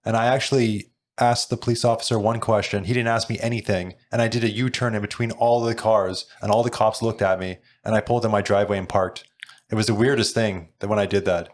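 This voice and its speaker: A man from Canada hosts a casual podcast, talking briskly in a lowish voice. He tells chatty personal anecdotes in an easy conversational way. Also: fairly even intonation, slight background noise. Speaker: podcast host.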